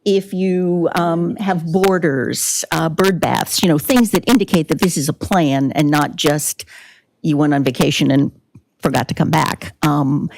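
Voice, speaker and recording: A woman's voice: deep voice, measured pace, darkish tone, rough recording. Conversational woman addressing a committee. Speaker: native plant society board member. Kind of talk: public comment at committee meeting.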